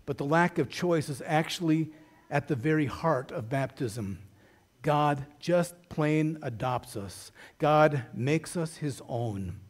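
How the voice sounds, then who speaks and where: A man's voice: a little high, animated, slow pace. A middle-aged man preaching a sermon as a pastor, in a conversational storytelling manner with wry humor.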